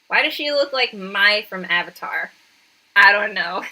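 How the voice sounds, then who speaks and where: Lively, incredulous woman streamer. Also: mid-range voice, a little slow, a little hiss or hum. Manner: incredulous, sarcastic. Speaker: streamer reacting to videos. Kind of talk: casual live-stream commentary.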